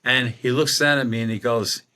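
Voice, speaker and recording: Bright-voiced man telling a story. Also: medium pitch, normal speed, smooth. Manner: animated anecdote-telling with quoted dialogue. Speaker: guest medium and paranormal investigator. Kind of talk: storytelling in a podcast interview.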